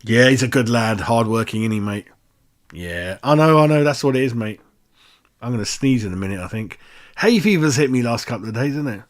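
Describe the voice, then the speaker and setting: Man, football fan host, casual chat, sweary ranting, mid-pitched voice. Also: lively intonation, a little fast. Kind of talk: casual match-reaction chat.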